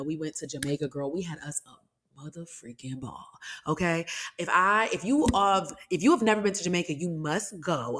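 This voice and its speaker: Young woman, low voice, solo podcast host, chatty and sassy. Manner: chatty, animated, with sassy asides to listeners.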